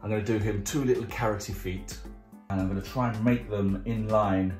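Leading a drawing tutorial for kids at his art club, a man speaks in a lowish, a little mellow voice that's a little fast with fairly even intonation. He's chatty and jokey through each step, with roomy sound and faint music behind him.

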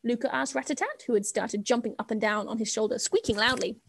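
A woman reads a children's novel aloud with a lively, amused delivery. Her voice sits a little higher than most women's. Between chapters she chats in an easy, playful way. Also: quick pace, creaky. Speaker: reader.

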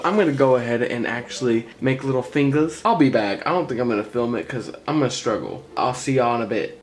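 A young man chatting excitedly while he makes a craft project in a casual vlog. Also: medium pitch, fairly quick, slight background noise. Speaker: craft vlogger.

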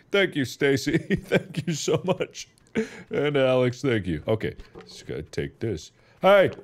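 A man's voice: medium pitch, slow. A man giving casual, goofy commentary while playing a video game, talking to the characters on screen. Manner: goofy and excitable, talks to game characters, bursts into shouts and laughter.

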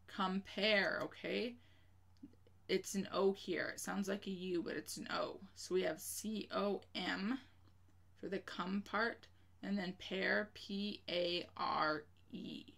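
A woman's voice: lowish voice, vocal fry, a bit bright. A woman teaching a children's spelling lesson, patiently spelling each word letter by letter and checking in with "okay?".

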